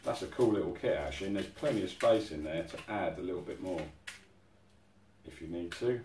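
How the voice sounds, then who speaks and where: Man, casual unboxing chat, low voice, echoey room, mic set back. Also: lively intonation, a little fast, darkish tone, slight background noise. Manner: chatty, easily amazed, exclaiming. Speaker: outdoors channel host. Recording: roomy sound from a distant mic.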